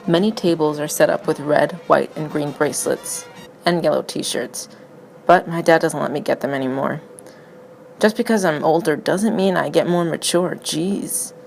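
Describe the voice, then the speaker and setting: A woman reading a personal narrative essay aloud in a wry, excitable storytelling manner. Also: deep voice, normal speed, vocal fry, soft background music, poor audio.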